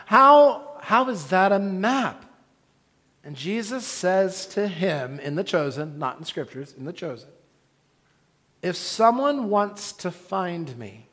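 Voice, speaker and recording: A male pastor delivers a sermon in a church sanctuary, speaking in a slightly high voice. He talks earnestly and conversationally, tossing casual asides to the congregation. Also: a bit bright, long reverb tail.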